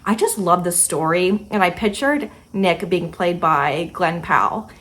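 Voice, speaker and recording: A woman's voice: on the low side, unhurried, fairly bright tone. A young woman chatting casually about books she loved, with lots of filler words. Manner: chatty, many "like" and "kinda" fillers. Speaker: book vlogger. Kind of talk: casual book review chat.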